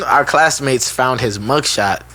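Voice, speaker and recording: A man's voice: mid-range voice, takes it slowly, sharp tone, slightly rough. A young man co-hosting a podcast, telling a school story in casual slang and laughing often. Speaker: podcast co-host.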